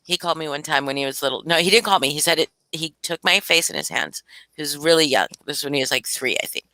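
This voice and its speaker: An older woman chats on a live stream in a bright, forceful voice that sits a little low. She swears casually and laughs her way through stories. The sound is close and dry, with no room around it. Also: fast, no echo. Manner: swears freely, laughs often, animated storytelling.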